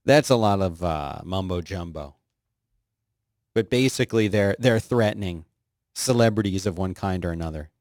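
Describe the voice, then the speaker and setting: A middle-aged man hosting a podcast, reading tech news in a casual, joking way and sometimes jumping into high silly voices. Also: expressive, normal speed, darkish tone, no echo, clean studio sound. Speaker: podcast host.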